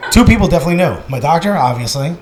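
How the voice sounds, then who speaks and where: A man's voice: on the high side, lively intonation, rapid-fire. A man from Newark doing a brash, self-mocking stand-up set in a restaurant. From Newark, New Jersey. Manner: brash, self-mocking, acts out loud indignant retorts. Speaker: stand-up comedian. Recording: echoey room with loud background noise. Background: crowd laughter.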